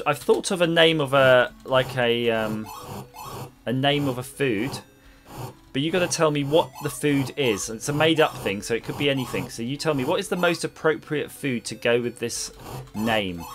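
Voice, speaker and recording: A man's voice: medium pitch, expressive, moderate pace. A man streaming retro games, chatting casually and rambling jokily with viewers while he plays, over a noisy background hum. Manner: jokey, rambling, chats with viewers. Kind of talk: casual livestream chat while gaming.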